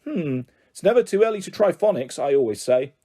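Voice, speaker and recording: Brief: man playing an affected, posh schoolboy in a storybook, lively and mellow. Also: a little high, brisk, breathy edge. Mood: pompous. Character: boy acting like a posh, pompous grown-up. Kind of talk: audiobook character voice.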